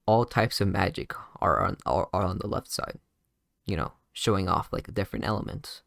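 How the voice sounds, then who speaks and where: A man's voice: low-pitched, animated, moderate pace, gravelly, a bit bright, dry recording, studio quality. A man casually improvising a fan story, rambling with lots of fillers and restarts.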